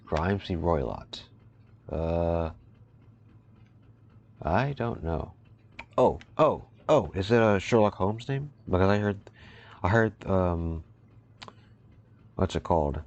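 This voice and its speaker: A man's voice: low-pitched, darkish tone, lo-fi sound. A young man giving casual, amused let's play commentary, thinking aloud as he plays. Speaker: gaming video host. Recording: home mic with faint hiss.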